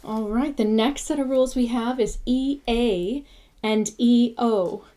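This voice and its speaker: Give me a woman teaching pronunciation at an unhurried pace, repeating each sound patiently. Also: fairly high pitch, dark tone. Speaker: language teacher. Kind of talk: casual pronunciation lesson.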